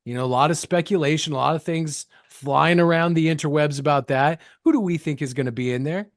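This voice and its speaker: A man's voice: on the high side, a little fast, dry recording, studio quality. Hammy mock-grand podcast host, man. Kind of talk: comedic podcast banter.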